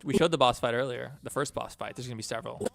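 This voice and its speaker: A man with a gravelly voice chats casually on a livestream. He rambles while he works and thanks his donors. Soft music plays in the background. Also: mid-range voice, very fast. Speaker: game developer livestreamer.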